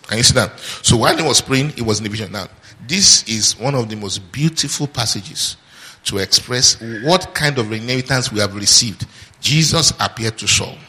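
Bright-voiced preacher in a reverberant hall. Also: male voice, on the low side. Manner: call-and-response questions to the congregation. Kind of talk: sermon.

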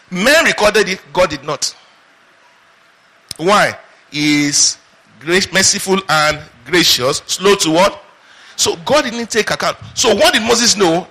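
A man preaches with a high, bright voice that carries a husky edge. He keeps throwing questions out to the congregation and waiting for them to answer. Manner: call-and-response questions to the congregation. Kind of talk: sermon.

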